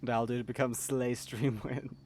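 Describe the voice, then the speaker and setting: A man's voice: medium pitch, little pitch movement, measured pace, darkish tone, slight background noise. A man chatting casually on a live stream, reading out viewer messages with wry remarks.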